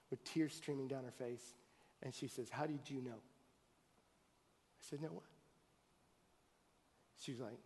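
A man preaching a sermon as pastor, telling a story with animated swings between loud excited bursts and quiet earnest talk. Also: on the high side. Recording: long hall reverb.

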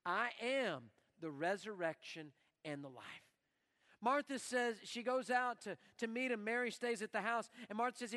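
A man preaching a sermon as pastor in a church, animated and acting out the prayers he quotes. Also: very high-pitched, moderate pace. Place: church sanctuary. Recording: long reverb of a church hall.

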